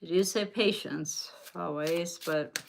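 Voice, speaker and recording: Slow, low-voiced Southern woman reading tarot. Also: vocal fry, very noisy. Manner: rambling, chatty, talks directly to viewers. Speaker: tarot reader. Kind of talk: live-stream tarot reading.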